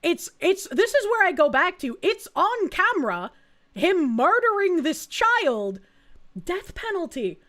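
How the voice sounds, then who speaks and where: A woman's voice: very high-pitched, sing-song, unhurried, fairly bright tone. A woman streamer reacting to news clips, blunt and indignant, swearing freely. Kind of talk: casual reaction commentary.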